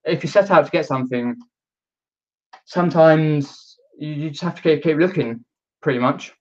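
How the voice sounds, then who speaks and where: A man's voice: on the high side, normal speed. A man hosting a casual live stream, talking hesitantly with many ums and restarts and reading viewer comments aloud. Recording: dull lo-fi stream audio.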